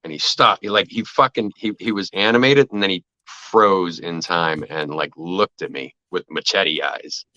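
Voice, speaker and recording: A man with a very low, forceful voice tells loose, profane stories from film sets, often slipping into the voices of the people he quotes. The sound is dry and close, with a slightly dull, lo-fi tone. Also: normal speed, hardly any pauses, dry recording. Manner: animated anecdotes, acts out quoted voices, swears freely. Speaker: actor telling set stories. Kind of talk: casual podcast storytelling.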